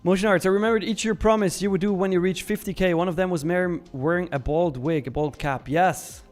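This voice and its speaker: Young man, from Switzerland, live-stream host, casual chat, slightly high voice, faint music behind. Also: fairly even intonation, a little fast. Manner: chatty, reads chat aloud, laughs often.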